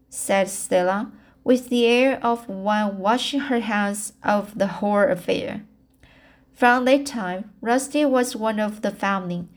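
A woman reading a novel aloud as an amateur, stumbling and restarting words often and raising her voice for characters' lines. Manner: halting, with frequent restarts and stumbles over words; lifts pitch and volume for characters' quoted lines. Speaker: audiobook reader.

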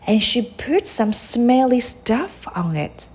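A woman hosting a podcast, reading a children's picture book aloud in a slow, expressive way. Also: a little high, slightly rough. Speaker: podcast host and storybook reader.

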